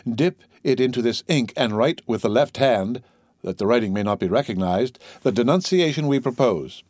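A man's voice: mid-range voice, animated, normal speed, darkish tone, dry recording, clean studio sound, close to an everyday voice. A man doing a sly scheming clerk. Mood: calculating. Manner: sly, persuasive, mock-innocent. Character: scheming envious male ship's clerk, smooth.

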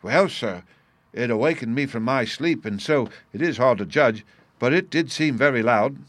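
A man's voice: medium pitch, expressive, normal speed, a bit bright, no echo. A man reading a middle-aged female household cook who answers hesitantly and deferentially.

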